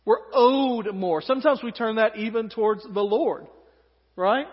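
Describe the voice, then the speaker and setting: Southern man preaching, high voice. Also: a little slow, long reverb tail, muffled recording. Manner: conversational, joking asides. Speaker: pastor. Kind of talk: sermon.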